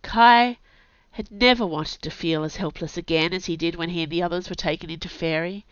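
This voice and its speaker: A woman's voice: on the low side, fairly quick, clean tone, no echo. Woman narrating a story, dry sound. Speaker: audiobook narrator. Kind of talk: scripted narration. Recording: dull dry recording.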